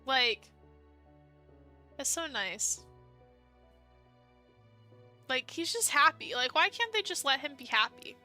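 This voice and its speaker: Young woman, streamer, high voice, exasperated, fangirling, faint music behind. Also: sing-song, slow, pauses often, sharp tone. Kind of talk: reading a dating sim aloud with reactions.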